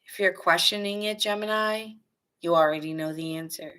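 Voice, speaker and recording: A tarot reader doing a casual live reading chats with viewers by name between cards. Her voice is fairly low, clear and resonant at a normal speed, though the audio is poor with steady background noise.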